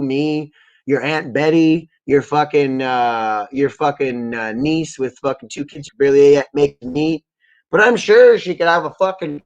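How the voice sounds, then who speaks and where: A man hosting a livestream, ranting in an angry, profanity-heavy ramble that wanders between topics. His voice sits at a middling pitch, and the audio is slightly dull and lo-fi. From Ontario, Canada. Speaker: livestream host.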